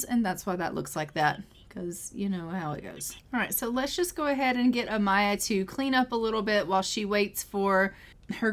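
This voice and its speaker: A woman's voice: mid-range voice, fairly bright tone. A woman narrating her life-simulation game as a story, describing what her characters do in a chatty, easygoing play-by-play. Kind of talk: storytelling gameplay commentary.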